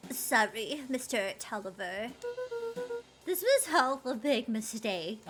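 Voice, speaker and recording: A woman plays an earnest young boy, wary and questioning, speaking slowly in a high, bright voice. His pitch jumps widely as he reacts, voiced while reading a game aloud. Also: lively intonation, faint music behind. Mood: soothing.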